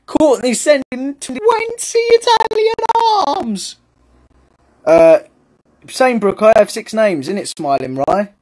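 A man's voice: very high voice, expressive, slow pace, a little mellow. A young man with a British accent chatting casually on a live stream, playfully reading out fan gifts and comments.

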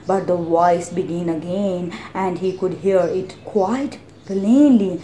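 A woman's voice: on the low side, slow pace, dark tone, slight background noise. A woman teacher reading a story aloud for a lesson, carefully stopping to explain hard words. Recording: roomy echo.

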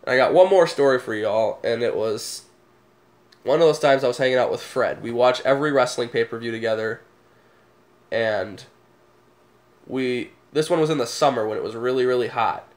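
Young man, casual storytelling, relaxed, medium pitch. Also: moderate pace. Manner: laid-back, laughs at his own stories. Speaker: vlogger.

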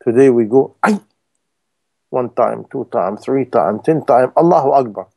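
A man's voice: medium pitch, moderate pace, gravelly, warm tone. A man preaching a sermon in non-native English, emphatic and full of rhetorical questions to his listeners.

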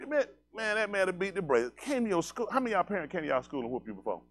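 A man preaching to his congregation in a blunt, animated, conversational way, using slangy speech, asking listeners questions, and often laughing. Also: high-pitched, racing. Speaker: pastor.

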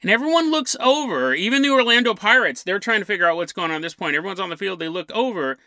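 A man's voice: high voice, animated, fast talker, sharp tone, dry recording. A man hosting a paranormal podcast, telling a story with lots of energy and chuckling mid-sentence. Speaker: podcast host.

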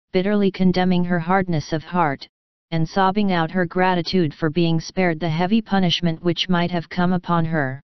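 A woman narrating a classic novel as a bedtime audiobook, in a steady, measured manner. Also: fairly low pitch, smooth, no room sound, highs cut off. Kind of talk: scripted storybook narration.

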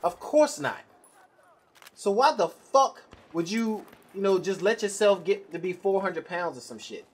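A man's voice: sits high, expressive, unhurried, slight background noise. A young man ranting bluntly and profanely while commenting on his own gameplay. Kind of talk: live gameplay commentary rant.

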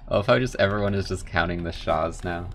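Low, gravelly-voiced man gaming. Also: brisk, slight background noise. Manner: chatty and excitable, many "like" fillers, bursts of loud excitement. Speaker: speedrunner streaming a game run. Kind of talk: casual live gameplay commentary.

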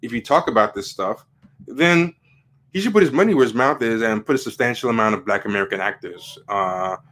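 A livestream host with a mid-range, fairly bright voice and lively intonation rambles through casual opinion commentary at a fairly quick pace. He uses frequent fillers and emphatic rising questions.

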